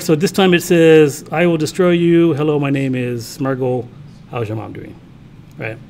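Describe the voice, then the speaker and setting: A college programming instructor lectures while coding live, easygoing and talking himself through it as he types, checking with students frequently. His voice sits fairly high and is a little mellow, with a little hiss or hum present.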